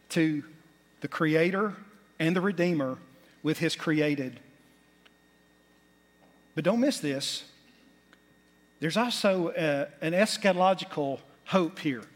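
A pastor, a man, preaches in a high voice, pressing his points with rising emphasis and folksy asides. His words ring out with a long reverb across a church sanctuary. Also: fairly bright tone. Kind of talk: sermon.

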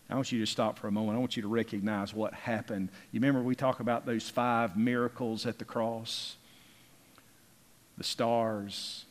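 A man preaching a sermon with emphasis, drawing out key words and rising in force when he reads scripture. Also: mid-range voice. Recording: long reverb of a large hall.

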